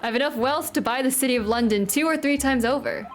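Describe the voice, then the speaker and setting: A woman voicing a wealthy, boastful gentleman with a shaky put-on Irish accent and a raised voice. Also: high voice, fast talker, soft background music, close to an everyday voice.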